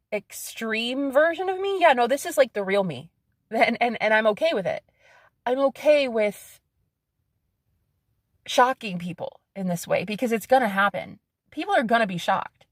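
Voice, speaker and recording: A woman's voice: a little high, no room sound, studio quality. A woman in her thirties talking to camera in a casual vlog, blunt and defiant, swearing freely, repeating phrases for emphasis and laughing between lines. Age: 30s. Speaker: psychic medium.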